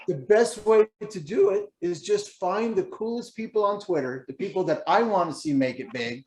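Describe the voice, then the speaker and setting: A man's voice: high-pitched, animated, moderate pace, roomy sound. A man chatting as a guest on a video call, reflective and rambling, laughing easily. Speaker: guest, creator of an animated show. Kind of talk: casual video-call interview.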